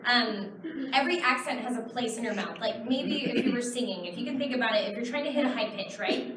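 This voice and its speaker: This Texan woman in her thirties fields audience questions on a convention panel, rambling and chatty with plenty of fillers. Her voice sits on the high side and moves fairly quickly. Recorded by a distant camera in the crowd, the large hall sounds roomy and noisy.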